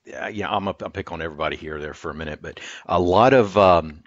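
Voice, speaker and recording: A man's voice: low-pitched, fast, no room sound, lo-fi sound. A man co-hosting a casual chat, joking and rambling with frequent chuckles. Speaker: co-host.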